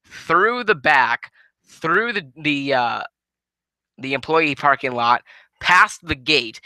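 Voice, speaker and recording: A man's voice: a little high, lively intonation, slow, pushed and bright, no room sound. A tired man giving a casual, rambling review of a wrestling show, swearing and restarting his sentences often.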